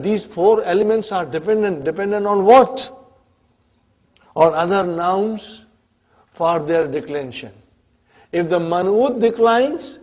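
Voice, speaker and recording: A man's voice: high-pitched, a little mellow, lo-fi sound. A man teaching an Arabic grammar class to adult students, often stopping to check in with "huh?" and "brothers and sisters". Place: community centre classroom.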